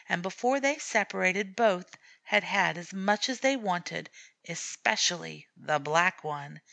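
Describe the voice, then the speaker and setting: A woman narrating a storybook in a measured, expressive reading voice. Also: lowish voice, gravelly, no room sound. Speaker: audiobook narrator.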